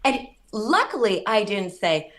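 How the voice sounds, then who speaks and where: A woman, a state senator, chatting as a guest on a radio show and telling stories in an animated way. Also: medium pitch, measured pace. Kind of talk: casual radio interview.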